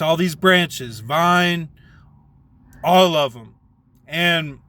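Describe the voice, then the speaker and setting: A man's voice: a little high, a bit bright, dry recording. A man casually retelling a Bible passage in a rambling way, repeating himself as he goes.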